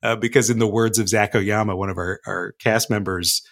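A man guesting on a podcast, chatting casually with wry, deadpan jokes. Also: fairly low pitch, fairly quick.

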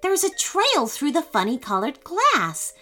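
An eager, quick-thinking little girl from a children's storybook, as a woman narrator puts her on. She pipes up high and bright, with a lively, bouncing lilt. Her words tumble out in bursts. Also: soft background music, full character voice. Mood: excited. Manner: eager, excited. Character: brave quick-thinking young girl, sister.

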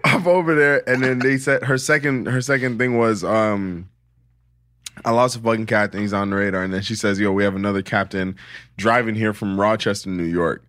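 A young man with a lowish voice spins a rambling travel story for his podcast co-hosts. He swears freely and breaks into laughter, and the recording is dry and close. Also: brisk, no room sound. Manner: animated storyteller, laughs often, heavy swearing. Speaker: podcast co-host. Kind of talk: casual storytelling chat.

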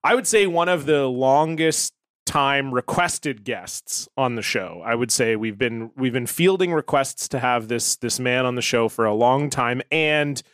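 A man's voice: medium pitch, unhurried, fairly bright tone, no room sound, clean studio sound. A man hosting a podcast, joking around in loose, playful banter with his co-host and guest. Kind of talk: casual chat.

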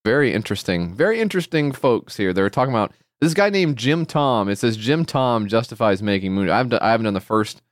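A man hosting a podcast in casual chat, animated and laughing often. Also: mid-range voice, brisk, hardly any pauses, no echo, clean studio sound. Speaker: podcast host.

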